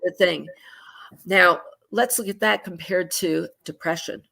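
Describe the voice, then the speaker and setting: Woman therapist, lower register, lively explainer who performs her examples, video-call audio. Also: a little slow, creaky. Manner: animated, acts out clients' inner voices with sighs. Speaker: psychotherapist. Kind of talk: conversational explanation with acted-out examples.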